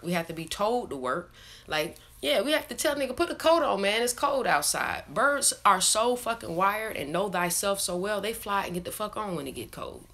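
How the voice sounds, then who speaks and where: A woman's voice: fairly low pitch, pushed and bright. A young woman talking casually to her followers, rambling, swearing freely and laughing often as she tells stories. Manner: loose, profane, laughs often, rambling storytelling. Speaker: vlogger. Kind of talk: casual chat to camera.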